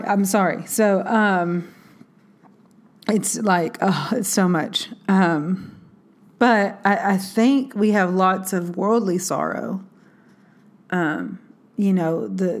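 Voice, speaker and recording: A woman in a casual faith talk, speaking earnestly and reflectively, with many fillers and restarts. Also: medium pitch. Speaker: Christian speaker.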